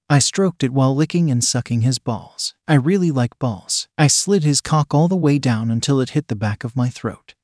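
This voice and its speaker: Male narrator, steady erotic-story reading, medium pitch, dry close sound. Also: no echo.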